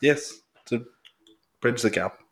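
A man's voice: mid-range voice, takes it slowly, fairly bright tone, husky. A young man with a Northern Irish accent, co-hosting a podcast in casual chat, rambling with lots of "like" and swearing. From Northern Ireland. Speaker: podcast co-host. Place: small home studio.

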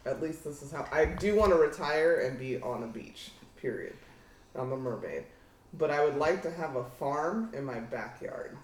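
A man's voice: on the high side, expressive, moderate pace. A man co-hosting a casual game chat, playful and laughing often. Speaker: podcast co-host. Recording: echoey room with noise.

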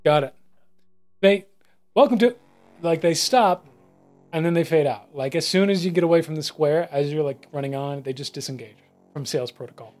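A man's voice: fairly high pitch, fairly quick, darkish tone, faint music behind. A man narrating as game master of a tabletop role-playing game, talking casually with lots of fillers.

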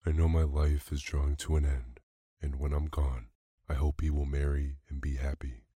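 A frail young woman speaks softly of her uncle, voiced by a man reading the story. The delivery stays very deep and flat, with a warm, dark tone on a dry recording. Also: moderate pace, husky, dry recording. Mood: sad. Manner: quiet, subdued. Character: frail, gentle young woman, sad and devoted.

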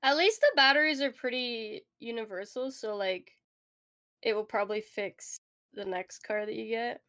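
A woman's voice: a little high, moderate pace, bright, forceful tone. A woman co-hosting a casual chat, chiming in with wry remarks.

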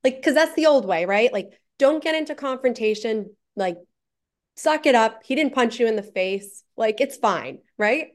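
A woman's voice: a little high, animated, moderate pace. A woman guest telling a story in casual conversation, full of chatty "like" fillers.

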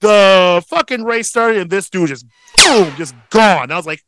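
A man in his thirties co-hosting a casual podcast, telling stories in a profane, excitable, proudly boastful way. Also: high voice, measured pace, few pauses, noisy background. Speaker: podcast co-host. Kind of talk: casual chat.

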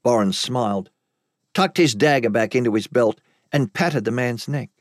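A man narrating a story in the first person with dramatic, expressive delivery. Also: mid-range voice, normal speed, no echo. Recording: dry close recording.

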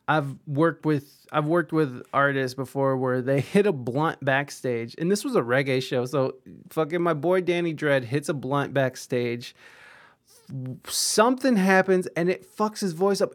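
A man's voice: fairly high pitch, unhurried. A man giving rambling, profane, offhand reaction commentary on videos.

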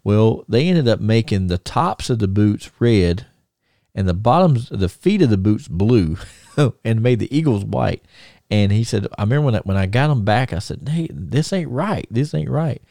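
A man's voice: on the low side, animated, normal speed, dark tone, no echo, studio quality. A middle-aged man, co-hosting a podcast and telling rambling stories full of fillers and restarts. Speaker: podcast co-host. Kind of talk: casual storytelling.

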